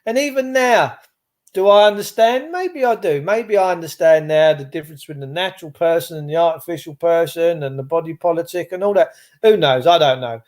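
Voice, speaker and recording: High-voiced man telling stories. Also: brisk. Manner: rambling storyteller, swears casually. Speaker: host. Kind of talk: casual chat.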